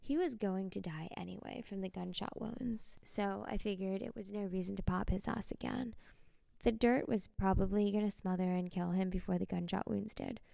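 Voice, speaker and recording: Woman telling a dark story first person, cold and menacing, gravelly voice. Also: medium pitch, steady tone, moderate pace, no room sound, clean studio sound. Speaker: narrator.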